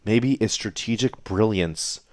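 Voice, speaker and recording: This man's voice is lowish and darkish, a little slow, with slight background noise behind it. He's the host of a home-broadcast darts league, calling play-by-play from his laundry room through a computer setup and making teasing, theatrical jokes about the players.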